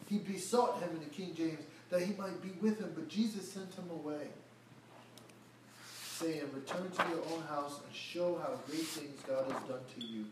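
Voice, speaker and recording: Recorded from far off the mic in an echoey room with a noisy background, this man preaches verse by verse. His fairly high voice moves at a moderate pace as he voices the Bible's characters in casual everyday speech, pastor-style.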